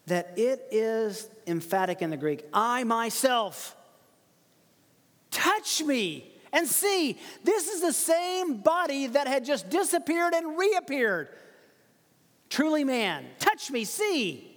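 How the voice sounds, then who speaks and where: High voiced guy preaching, animated, laughs a lot, big echoey sanctuary. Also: takes it slowly. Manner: animated, laughs often, emphatic quotes. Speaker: pastor. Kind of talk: expository sermon.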